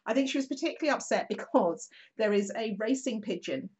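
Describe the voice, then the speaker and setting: A woman, a regular on the show, telling a local anecdote in a chatty, animated way, acting out quotes with plenty of fillers. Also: on the high side, fast, husky. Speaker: regular contributor. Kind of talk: casual storytelling chat.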